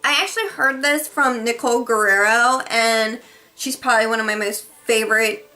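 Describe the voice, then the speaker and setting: A woman's voice: fairly high pitch, steady tone, normal speed, sharp tone. A woman beauty vlogger reviewing her favorite products in a casual, gushing, chatty way, correcting herself as she goes.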